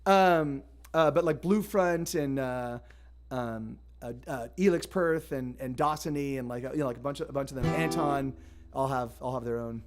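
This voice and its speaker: A man's voice: medium pitch, normal speed. A man hosting a live music stream, chatting casually and rambling in a friendly way as he greets viewers by name. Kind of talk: casual livestream chat. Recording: guitar music in the background.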